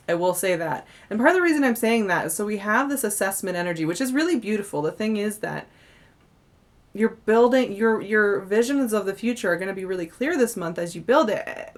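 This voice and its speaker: A young woman giving a casual monthly tarot reading, chatty and effusive, laughing often and a little tired. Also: medium pitch. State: yawning, tired. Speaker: tarot reader.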